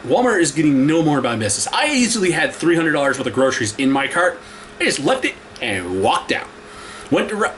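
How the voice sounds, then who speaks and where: A man ranting to camera in a casual vlog, telling a story in an exasperated, animated way. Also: sits high, a little hiss or hum. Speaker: vlogger.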